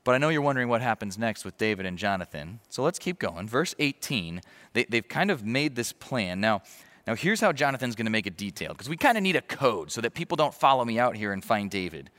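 A man's voice: mid-range voice, very animated, brisk, a bit bright. A male pastor giving a verse-by-verse sermon in a conversational, storytelling manner with asides.

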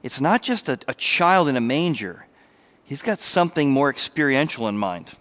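Man preaching a lively sermon. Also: medium pitch, normal speed. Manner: animated preaching, drops to soft intimate voice. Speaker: pastor.

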